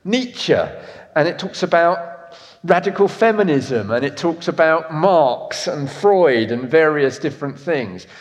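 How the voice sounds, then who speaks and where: A man in his fifties preaching a sermon, swinging from loud emphatic lines to soft, intimate ones. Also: fairly high pitch, lively intonation, unhurried. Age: 50s. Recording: echoey hall reverb.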